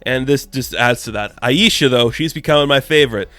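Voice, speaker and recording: A man's voice: mid-range voice, a little fast, bright, forceful tone, no room sound. A man giving a casual comic book review, chatty and loose, full of "like" and "you know".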